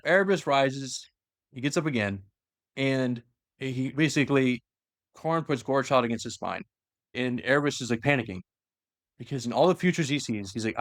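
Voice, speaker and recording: A man's voice: mid-range voice, moderate pace, long pauses, no room sound, clean studio sound. Casual man retelling a story. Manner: animated, acts out quotes, frequent fillers. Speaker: podcast host retelling lore.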